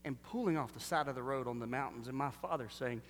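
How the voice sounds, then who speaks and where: A man preaching a sermon, animated and full of rhetorical questions, swinging between loud bursts and hushed lines. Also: mid-range voice, quick pace, a little hiss or hum. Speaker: pastor. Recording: long reverb of a large hall.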